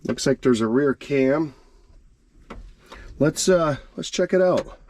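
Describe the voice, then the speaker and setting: A man's voice: fairly high pitch, slow pace, darkish tone. A man who works as an auctioneer, chatting plainly and casually as he walks around farm machinery outdoors. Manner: folksy, plainspoken, thinking aloud with fillers. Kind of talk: casual walkaround commentary.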